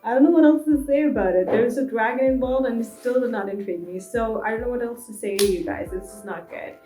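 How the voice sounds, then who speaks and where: Exasperated young woman ranting about books. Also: medium pitch. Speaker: book vlogger. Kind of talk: casual book review vlog. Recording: echoey room with soft music behind.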